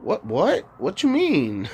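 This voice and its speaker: A man's voice: fairly high pitch, huge pitch swings, takes it slowly, darkish tone, breathy edge. A man giving a rambling, profane monologue as a streamer, bragging and laughing often between lines. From New York.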